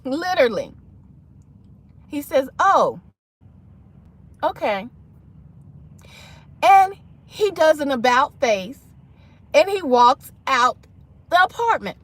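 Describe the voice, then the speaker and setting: Animated high-voiced woman telling a story. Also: slow pace, long pauses. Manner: animated, dramatic, acts out voices in her story. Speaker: livestream host. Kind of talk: casual storytelling livestream.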